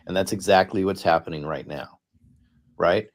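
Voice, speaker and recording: A man's voice: deep voice, normal speed. A middle-aged man speaking on a panel, earnest and emphatic, often repeating his words for stress. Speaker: guest speaker, political candidate. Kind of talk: impassioned panel talk.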